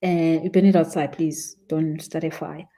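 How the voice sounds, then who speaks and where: A woman's voice: low voice, little pitch movement, normal speed, warm tone. A South African woman, a spiritual teacher, explains a ritual step by step in a chatty live stream and laughs easily at her own examples.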